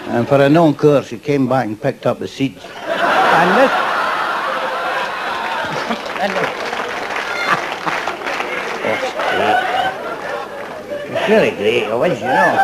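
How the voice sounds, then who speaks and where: A Scottish man doing live stand-up, rambling through jokes and chuckling at his own lines. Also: fairly high pitch. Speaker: stand-up comedian. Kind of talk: live stand-up joke telling. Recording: live club recording with audience laughter and noise.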